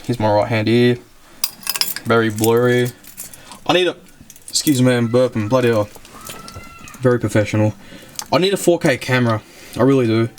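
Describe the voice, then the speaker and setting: A young man with an Australian accent chats his way through a walkaround of an old car, often losing his words and laughing them off. His voice sits in an ordinary middle pitch, picked up by the mic of a handheld camera inside the car. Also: normal speed, long pauses, slight background noise. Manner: rambling and chatty, loses words, laughs often. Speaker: car channel host. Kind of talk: casual car walkaround vlog.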